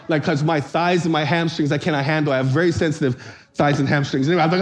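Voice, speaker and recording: Male pastor, high-pitched, animated storyteller in the pulpit. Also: quick pace. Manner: animated storyteller, acts out voices, shouts for comic effect. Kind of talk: sermon with storytelling.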